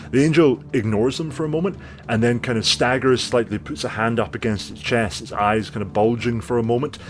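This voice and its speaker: A man running a tabletop game as game master, narrating the action in a vivid, relaxed way with many fillers. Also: fairly low pitch.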